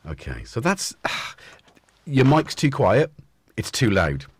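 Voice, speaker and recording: A man's voice: medium pitch, very animated, takes it slowly, breathy edge, no echo. A man hosting a casual live stream from his home music studio, rambling and chatting to his cats as he goes. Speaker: livestream host.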